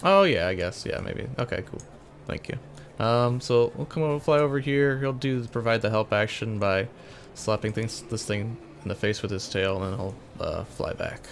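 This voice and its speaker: A man's voice: fairly low pitch, normal speed, a little hiss or hum. A man playing a tabletop role-playing game, talking in a casual, offhand way. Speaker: player.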